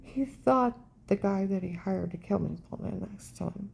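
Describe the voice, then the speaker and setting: A woman's voice: mid-range voice, normal speed, creaky, a little mellow, slight background noise. A middle-aged woman giving an intense, rambling personal monologue as a vlogger, often checking in with "okay?".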